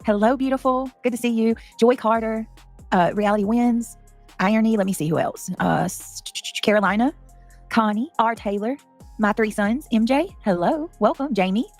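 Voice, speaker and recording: A woman's voice: a little high, moderate pace, soft background music. A woman, hosting a casual livestream, greeting viewers by name and talking emotionally and defensively.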